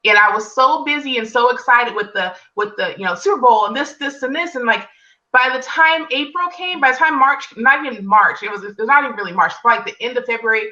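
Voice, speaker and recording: Woman guest, bright storytelling voice, high-ish, slightly distant dull lo-fi mic. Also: fast talker. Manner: animated storyteller, acts out quotes in higher pitch. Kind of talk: personal story in casual conversation.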